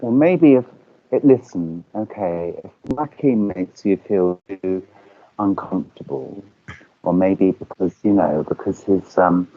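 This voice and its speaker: A man's voice: lowish voice, animated, unhurried, warm tone, breathy edge, highs cut off. A man chatting casually as a guest on a video call, rambling with fillers and restarts.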